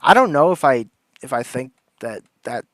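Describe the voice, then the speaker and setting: A man's voice: mid-range voice, animated, moderate pace, a bit bright, dry recording, studio quality. Heated, rambling male livestream host. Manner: rambling and heated, with frequent restarts and slang like "dude" and "bro". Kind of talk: casual political commentary.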